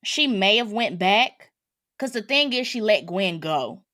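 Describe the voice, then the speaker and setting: A woman's voice: mid-range voice, animated, measured pace, pushed and bright, no echo, clean studio sound. A woman co-hosting a podcast, casually and animatedly talking through movie details. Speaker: podcast co-host. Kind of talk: casual chat.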